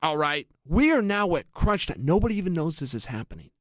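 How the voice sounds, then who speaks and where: A middle-aged man and MMA analyst, telling an energetic anecdote and talking straight to his listeners. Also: fairly high pitch, fairly quick, no echo, clean studio sound. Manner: energetic, addresses listeners directly. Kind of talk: animated anecdotal storytelling.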